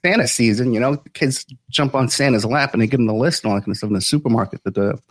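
A man hosting a podcast and talking with his guests in a folksy, chatty manner. His voice is mid-pitched and ordinary, full of fillers. It is recorded close and dry, with no room sound. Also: quick pace, dry recording. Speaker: podcast host. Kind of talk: casual interview chat.

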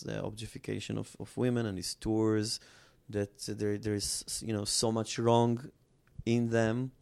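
A man's voice: fairly low pitch, gravelly, a little mellow, clean tone. A man from Israel, a film director, talking earnestly about his work in an interview, often restarting his sentences. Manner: earnest, halting with many restarts. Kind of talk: interview conversation.

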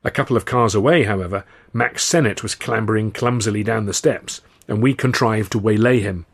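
A man, the author, reading his novel aloud in measured, dry first-person narration. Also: on the low side, gravelly, husky.

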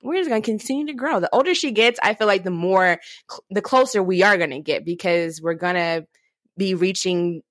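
A woman's voice: medium pitch, a little fast, dry recording, clean studio sound. A woman in her thirties hosting a podcast in casual chat, loose and chatty, often laughing. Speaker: podcast host.

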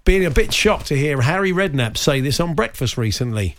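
A man co-hosting a radio sports talk show, bantering and teasing in a quick, jokey way. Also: on the high side, lively intonation.

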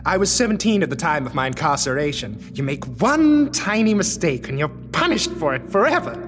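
A man voicing a hesitant, deadpan young former lab intern in an animated comedy. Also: a little high, a little fast, over music.

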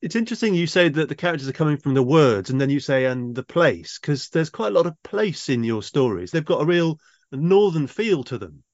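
Male podcast host, curious and a bit teasing, higher voice, muffled lo-fi sound. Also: sing-song, a little fast. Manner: inquisitive, lightly teasing. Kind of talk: podcast interview.

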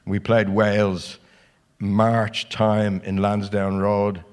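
A man's voice: lowish voice, little pitch movement, slow pace, smooth. An older man in his sixties, a guest telling salty anecdotes with lots of swearing and restarts at a live show. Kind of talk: anecdotal storytelling.

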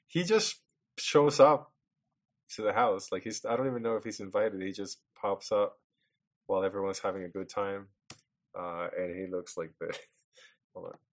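A man's voice: low voice, moderate pace, pauses often. Jokey man chiming into a film chat. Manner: laughs often, jokey, chimes in. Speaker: podcast co-host. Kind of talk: casual chat about a film.

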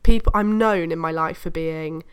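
A woman's voice: low voice, moderate pace, smooth. A young woman co-hosting a podcast while sick and bunged up, dramatic and self-mocking in casual chat. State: congested, sick. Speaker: podcast co-host.

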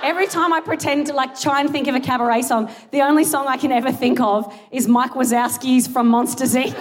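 Giggly high-voiced Australian woman on stage. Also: fairly even intonation, brisk, hardly any pauses. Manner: giggly, rambling, sweary, self-mocking. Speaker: stand-up comedian. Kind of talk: live stand-up set. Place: large theatre stage. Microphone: stage mic. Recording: live theatre recording with audience noise. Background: audience laughter and crowd noise.

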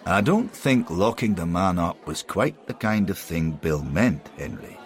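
A man voicing a calm, measured old football manager who reins in his friend. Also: low-pitched, some chatter behind. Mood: restraining.

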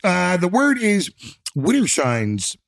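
A man's voice: a little high, animated, normal speed, no echo, studio quality. A man co-hosting an indie music show, chatting casually and playfully, joking and sometimes tripping over words. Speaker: show co-host. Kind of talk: casual radio show chat.

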